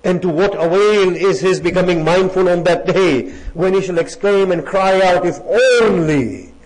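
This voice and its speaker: A man delivering a sermon, his voice sitting a little higher than most men's. He drives his points home with rhetorical questions and emphatic repetition, and breaks into fast recitation of Arabic verses. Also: low-quality recording. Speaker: lecturer. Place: religious centre.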